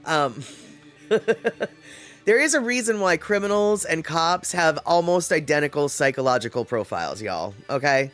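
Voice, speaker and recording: A man's voice: on the high side, expressive, measured pace, a bit bright, faint music behind. Chatty laughing livestream host, man. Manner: chatty and laughing often, reads comments aloud. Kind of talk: casual livestream chat reading viewer comments.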